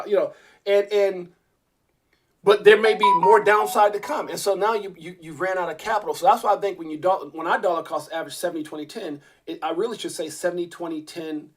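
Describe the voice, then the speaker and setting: A man's voice: sits high, a bit bright. A man hosting a casual crypto livestream, rambling with many restarts and talking straight to his viewers. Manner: rambling, restarts often, addresses viewers as guys.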